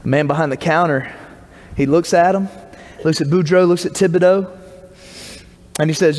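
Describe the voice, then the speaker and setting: A man's voice: a little high, steady tone, normal speed, long pauses, darkish tone, in a large hall. A man, a pastor telling a joke and giving announcements in a folksy, casual way from the pulpit of a church. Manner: folksy, casual storytelling with filler words. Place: church sanctuary.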